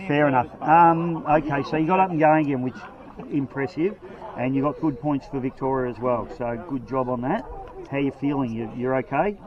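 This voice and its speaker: A man's voice: mid-range voice, moderate pace, crowd noise. A man doing casual, joking trackside interviews with racers. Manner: jokey, laughing, matey. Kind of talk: casual post-race interviews. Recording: slightly dull lo-fi sound.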